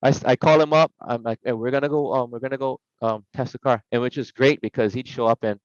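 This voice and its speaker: A middle-aged man spins casual stories on a podcast and acts out each voice he quotes. His voice sits at a middle pitch. The recording is dry and a little dull. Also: steady tone, fast, smooth, dry recording. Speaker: podcast guest. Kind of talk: casual storytelling.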